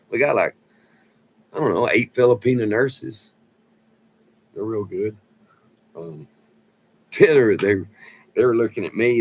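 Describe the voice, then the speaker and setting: A man's voice: on the low side, rough recording. A middle-aged man, talking in a loose, profane, rambling way as he tells stories, calling people "man" again and again. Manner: loose and profane, drawn-out storytelling with lots of "man". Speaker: vlogger. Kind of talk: casual rambling chat.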